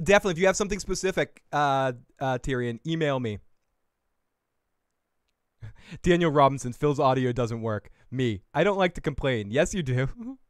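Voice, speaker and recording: A man's voice: medium pitch, clear, resonant tone, dry recording, studio quality. A man hosting a live recap podcast, casual and jokey, swearing, laughing often and reading the chat aloud. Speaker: podcast host.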